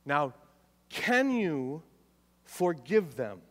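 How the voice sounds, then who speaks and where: A man's voice: high voice, animated, a little slow, fairly bright tone. A man preaching a sermon as pastor in a church, emphatic, repeating key phrases and putting questions to the congregation. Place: church sanctuary. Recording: long church reverb.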